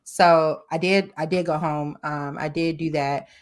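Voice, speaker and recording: A woman with a lowish voice shares candid personal stories in casual group chat. Her telling is animated and open, as a co-host talking with friends. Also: unhurried.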